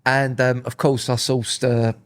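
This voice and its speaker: A man's voice: medium pitch, unhurried. A man, chatting casually on a podcast and acting out what others said in his stories. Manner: animated storyteller, acts out quoted voices. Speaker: podcast co-host. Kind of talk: casual chat.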